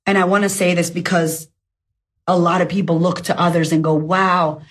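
A woman's voice: lowish voice, flat delivery, normal speed, slightly rough. A woman in her thirties giving a blunt, fiery motivational talk as a life coach, swearing freely, speaking into her phone.

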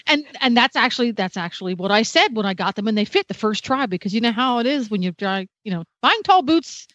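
A woman's voice: a little high, animated, fast, a bit bright, dry recording, lo-fi sound. Chatty detailed woman reviewer on radio. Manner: chatty, detailed, self-deprecating humor. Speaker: regular product reviewer. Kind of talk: casual radio talk show.

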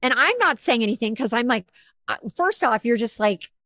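A woman hosting an interview, retelling a personal story in animated, emotional bursts. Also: on the high side, moderate pace, no room sound, studio quality. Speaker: podcast host. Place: home office with windows.

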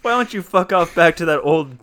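A man going off as a brash, bald muscle-man agent, spitting crude, sweary insults. The voice is bright and higher than most men's, leaping up and down in pitch. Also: lively intonation, brisk. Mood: abusive.

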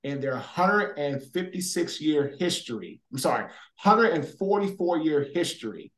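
A former pro football player telling his story as a guest in an interview, energetic and animated. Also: fairly high pitch, a little slow. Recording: roomy echo.

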